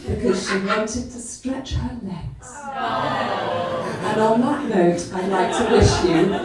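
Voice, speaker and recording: A woman's voice: mid-range voice, slow pace, crowd noise. A woman closing a light-hearted talk on stage with dry, wry jokes. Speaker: guest speaker. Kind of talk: comic science talk. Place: live comedy venue. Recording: echoey hall from far off.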